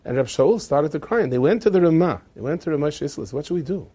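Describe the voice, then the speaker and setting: A man narrating a story in a lively, conversational way, with asides to his listeners. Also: a little high, fast.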